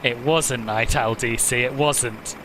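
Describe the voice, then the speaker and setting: A man's voice: mid-range voice, steady tone, takes it slowly, background noise. A man hosting a flight simulator live stream, chatting casually, answering viewers' comments and laughing often.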